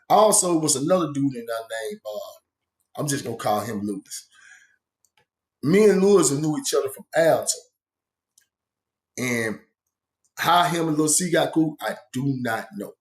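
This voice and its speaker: Rambling man telling a story. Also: medium pitch. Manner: rambling, slang-heavy, many asides. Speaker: storyteller recounting his own past. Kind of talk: casual spoken storytelling. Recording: echoey room.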